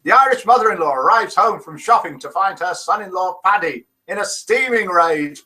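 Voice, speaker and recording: A man's voice: sits high, lively intonation, normal speed, sharp tone, poor audio. A British man hosting a live call-in show, reading out viewers' messages with a teasing, self-mocking manner.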